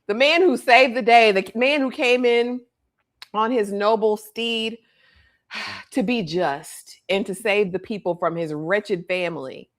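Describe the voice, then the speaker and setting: A woman co-hosting a casual livestream show review, animated and slangy, often acting out the scenes she describes. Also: medium pitch, a little slow. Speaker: co-host.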